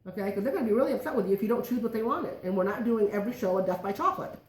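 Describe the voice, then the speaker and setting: A woman's voice: mid-range voice, animated, racing, a little mellow, recorded from a distance, a little hiss or hum. A middle-aged woman giving a chatty, joking cooking demonstration to a small audience in a home kitchen. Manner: joking, self-deprecating, chatty. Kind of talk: live cooking demo patter. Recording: echoey room, voice from afar.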